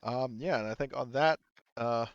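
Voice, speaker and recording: A man's voice: medium pitch, moderate pace, smooth, highs cut off. A man running a tabletop game as game master, explaining rules with frequent hesitations. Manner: hesitant, lots of ums and uhs.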